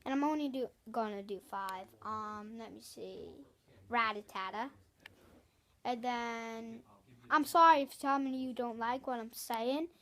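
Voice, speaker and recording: Woman vlogger with a higher voice, rambling and chatty, keeps apologizing to viewers. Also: a little slow, fairly bright tone. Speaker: video host. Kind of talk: casual vlog chat.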